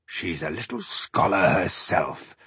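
A man's voice: deep voice, huge pitch swings, takes it slowly, gravelly, a bit bright, husky, no echo, heavily acted. A man voicing a proud male dwarf warrior leader, speaking with amazed admiration in a storybook reading.

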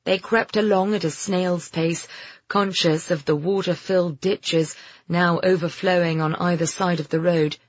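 Brief: measured audiobook narrator, husky voice, slightly dull lo-fi sound. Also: medium pitch, dry recording. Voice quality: even, measured storytelling. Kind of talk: scripted narration.

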